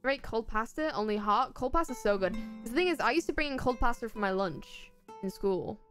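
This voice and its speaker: A woman's voice: fairly high pitch, lively intonation, brisk, a bit bright, faint music behind. A young Irish woman chatting casually while streaming a game, rambling along with playful asides. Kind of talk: casual chat while gaming.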